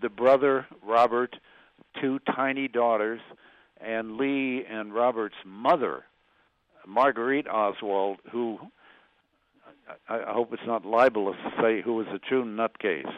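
An older man, a former magazine journalist, recalling past stories as an interview guest, speaking haltingly with frequent restarts. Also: medium pitch, fairly even intonation, no room sound, phone-quality sound. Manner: halting, with many restarts and fillers.

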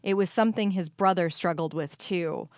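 A woman reporter giving scripted news narration in a measured, even delivery. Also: fairly low pitch, no echo, clean studio sound.

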